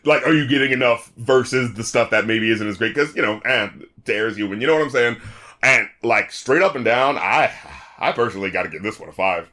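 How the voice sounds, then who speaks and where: A man co-hosting a podcast in casual, animated chat, laughing often, swearing freely and acting out quotes. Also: mid-range voice, brisk. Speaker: podcast co-host reviewing albums.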